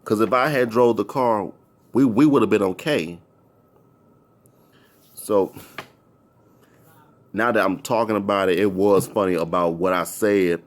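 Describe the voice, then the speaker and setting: A man's voice: on the low side, a little slow, pauses often. A man telling a personal story in a casual, rambling, repetitive way. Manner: rambling, repetitive, animated retelling.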